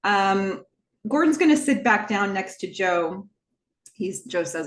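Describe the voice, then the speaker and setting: Woman, podcast host, casual chatty recap, mid-pitched voice, roomy echo. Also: lively intonation, slow. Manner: chatty, with frequent fillers and asides.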